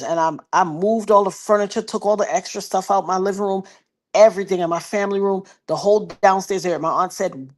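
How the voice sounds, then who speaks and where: A woman in her fifties telling a personal story in a casual livestream, acting out the voices of the people she quotes and talking about prophecy like a preacher. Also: medium pitch. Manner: animated retelling, acts out quoted voices; preachy, talks of prophecy and God.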